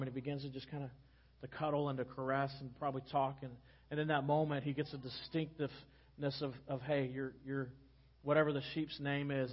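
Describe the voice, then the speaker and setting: A pastor preaching a sermon, telling it as a gentle story and dropping soft and low on key phrases. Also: male voice, highs cut off. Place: church sanctuary.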